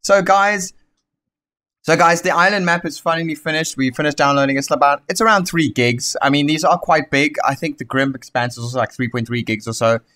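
Excitable South African gamer, swearing freely. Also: male voice, fairly high pitch, brisk. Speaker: gaming YouTuber. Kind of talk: casual gameplay commentary.

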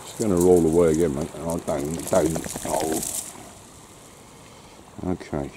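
A man's voice: extremely low pitch, steady tone, slow, noisy background. A man with a dry, wry way of talking, chatting casually to his dog on a walk outdoors. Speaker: dog-walking vlogger. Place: outdoors on a wet shore and woods.

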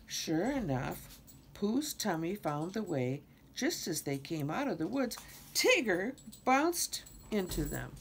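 An older woman reads a children's picture book aloud at an unhurried pace. Her pitch swings widely as she tells the story. Faint background noise sits under her voice. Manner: slow, expressive reading with many character voices. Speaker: storybook reader.

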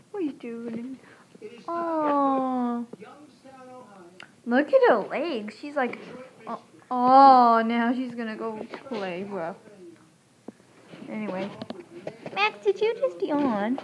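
A woman's voice: fairly high pitch, slight background noise, rough recording. A woman vlogging in a casual, rambling way, cooing baby talk at her dogs between chatty asides. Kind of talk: casual chat to camera.

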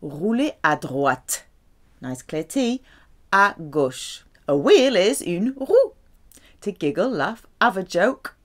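A woman teaching French, carefully saying each example and explaining its meaning. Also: medium pitch. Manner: slow, careful, lively delivery with drawn-out French examples. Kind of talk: language lesson.

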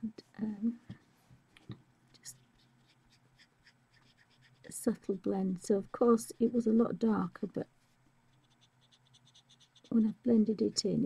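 A woman talks through a live drawing tutorial in a soft, husky voice that often drops to a half-whisper. Her voice is slightly squeaky and rough-edged, and her pitch sits in an ordinary middle range. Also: fairly even intonation, slow, long pauses, dry recording. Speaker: art tutorial host.

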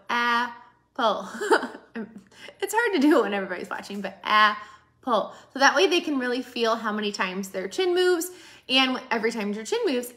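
Chatty, upbeat teacher woman hosting a how-to video; bright, slightly high voice. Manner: chatty, upbeat, many fillers. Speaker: preschool teacher and educational video host.

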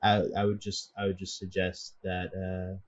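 A man's voice: low-pitched, completely flat delivery, normal speed, highs cut off. A man playing in a tabletop game, talking hesitantly about what his character does. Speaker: player.

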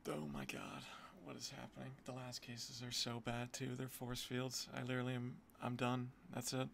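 Exasperated male gambling streamer, gravelly low voice, cursing, slight noise behind. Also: completely flat delivery, normal speed, fairly bright tone. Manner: swearing, exasperated, muttering. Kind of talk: casual gambling commentary.

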